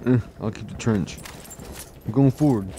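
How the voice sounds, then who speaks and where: Young guy commentating his playthrough, chatty and hyped, loud gunfire in the background. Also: on the low side, normal speed. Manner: excited, chatty, urgent bursts. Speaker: gaming channel host. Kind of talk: gameplay commentary. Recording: gunfire and game noise behind.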